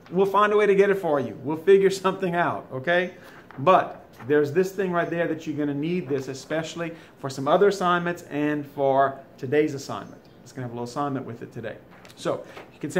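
A man's voice: a little high, fast talker, slight background noise. A man teaching a French lesson in a recorded video, chatty, with folksy asides, recording from home. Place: home, during school closure.

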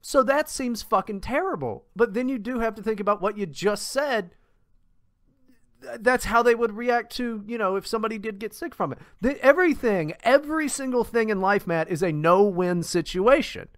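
A man's voice: sits high, normal speed, fairly bright tone, no room sound, clean studio sound. A man co-hosting a podcast, ranting in a profane, exasperated casual chat with many restarts. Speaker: podcast co-host.

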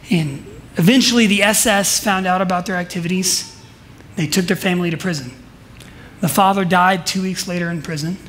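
A male pastor with a notably high voice delivers a sermon at a church service. He tells stories with strong emphasis, dropping into quiet asides and then rising to forceful declarations. A faint hiss sits under the recording. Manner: emphatic storytelling, swings between soft asides and loud declarations.

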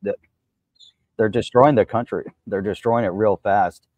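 A man co-hosting a casual talk show, giving steady commentary and short agreeing replies. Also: on the low side, unhurried, no room sound. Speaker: co-host. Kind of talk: casual chat.

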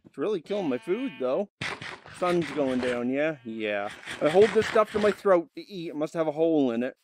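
A man casually commenting on his gameplay, chatty and animated, sometimes bursting into loud exclamations and coaxing animals and his dog. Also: on the high side, moderate pace. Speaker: gaming video host.

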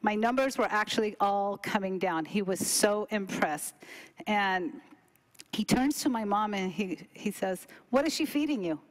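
A woman's voice: medium pitch, a little slow. A middle-aged woman telling a story casually, acting out quoted dialogue with big jumps in her voice. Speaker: cooking demo presenter.

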